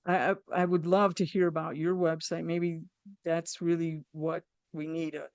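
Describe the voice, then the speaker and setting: A woman's voice: low-pitched, level tone, a little mellow, clean tone, no echo. A woman hosting an interview, talking candidly with blunt humor in a casual conversation. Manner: candid, talks in quick bursts with blunt humor. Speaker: podcast host.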